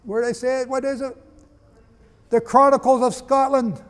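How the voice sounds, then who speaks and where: A man's voice: very high voice, level tone, moderate pace, smooth. A man preaching and teaching, reading from old histories and firing questions at his listeners. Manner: emphatic, asks the audience questions. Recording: long reverb.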